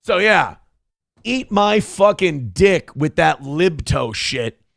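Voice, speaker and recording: A young man hosting a live show, reading donation messages and ranting with heavy swearing in fast, heated bursts. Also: fairly high pitch, big pitch swings, gravelly, a bit bright, no echo, studio quality. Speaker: livestream show host. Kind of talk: profane political rant and chat reading.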